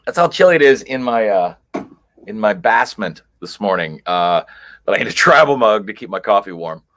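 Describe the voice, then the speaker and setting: A man's voice: lowish voice, lively intonation, moderate pace, a bit bright. A man hosting a casual livestream, chatting and greeting viewers one by one in a rambling way with lots of fillers. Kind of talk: casual live chat. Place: chilly basement at home.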